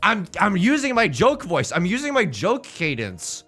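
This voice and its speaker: A male streamer chats to his audience in a lively, joking, self-mocking way. His voice sits a bit high for a man and swings widely in pitch. Soft music plays quietly behind him. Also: normal speed, few pauses, slightly rough. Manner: animated, jokey, self-mocking. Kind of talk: casual stream chat.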